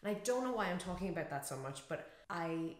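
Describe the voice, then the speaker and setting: A woman chattily reacting to and breaking down a dance routine, often laughing and shrieking with excitement. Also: on the low side, fast, very noisy. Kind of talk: casual reaction commentary. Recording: roomy echo with faint music behind.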